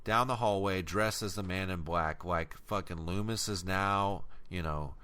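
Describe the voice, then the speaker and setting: A man talking on a podcast in a lowish voice, reviewing a film in loose casual chat. He swears often and laughs as he goes. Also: smooth. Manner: profane, animated, quick to laugh. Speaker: podcast co-host.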